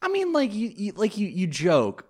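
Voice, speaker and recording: A man's voice: sits high, wildly swooping pitch, moderate pace. A man co-hosting a casual podcast, rambling with lots of fillers and restarts. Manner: rambling, many fillers and restarts, laughs easily. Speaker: podcast co-host. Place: home.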